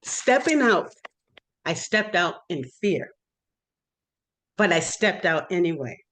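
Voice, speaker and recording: Middle-aged woman from massachusetts, slow careful testimony, earnest churchy speaker on a call. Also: lowish voice, very animated, a bit bright. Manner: slow, earnest, faith-filled storytelling. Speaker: guest speaker, evangelist. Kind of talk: testimony speech. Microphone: virtual workshop call.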